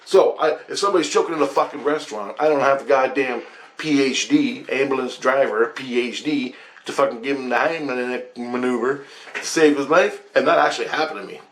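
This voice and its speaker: A man's voice: mid-range voice, brisk. A man telling a rambling story about his dreams, profane and agitated. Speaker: vlogger.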